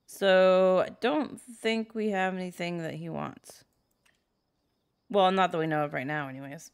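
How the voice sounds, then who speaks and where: A woman's voice: fairly low pitch, fairly even intonation, a little slow, clear, resonant tone. Chatty woman narrating her gameplay. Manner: chatty, giggly, reads character lines aloud in her own voice. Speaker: gameplay video host. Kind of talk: casual let's-play commentary reading dialogue aloud.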